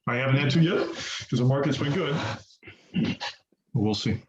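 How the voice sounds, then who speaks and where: A man's voice: mid-range voice, normal speed. A man leading a real estate investing training on a group call. He talks in a folksy, chatty way, repeats words for emphasis and calls his listeners guys. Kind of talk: conversational teaching on a group call. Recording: roomy, muffled call audio with faint hiss.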